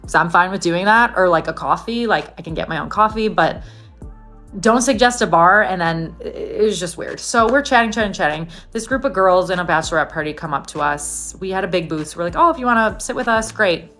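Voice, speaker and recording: A woman's voice: on the low side, lively intonation, a little fast, a bit bright, soft background music. A young woman telling a dating story in a chatty way, full of "like" and acted-out quotes. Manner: chatty, lots of "like" and quoted dialogue. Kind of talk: casual storytime.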